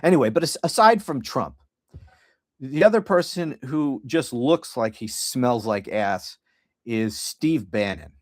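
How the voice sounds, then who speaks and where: A middle-aged man hosting a casual solo livestream. He rambles and swears, and his tone is sardonic. His voice sits at an ordinary pitch and is recorded dry and close. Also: lively intonation, unhurried, dry recording. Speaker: podcast host.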